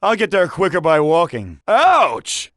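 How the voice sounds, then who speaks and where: An actor playing a jittery, wisecracking taxi passenger in a video game, complaining with quick retorts. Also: male voice, high-pitched, huge pitch swings, fairly bright tone, dry recording, studio quality, heavily acted.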